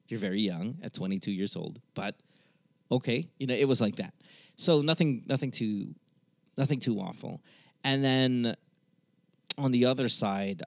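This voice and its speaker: A man's voice: lowish voice, creaky, no room sound, studio quality. A man in his thirties from the Philippines, a podcast host telling a candid personal story, swearing and acting out the people in it. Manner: candid, swearing, animated retelling with quoted voices. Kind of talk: casual storytelling.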